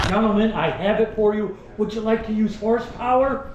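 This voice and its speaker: A man with a high, bright voice works the crowd like an old-time salesman, full of showy flourishes and playful jabs at his listeners. He speaks to the group directly as he leads a museum tour. The sound bounces around an echoey indoor room, with a faint hum of noise behind him. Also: fairly quick, hardly any pauses, muffled recording. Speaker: costumed museum tour guide. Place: indoor store museum among visitors.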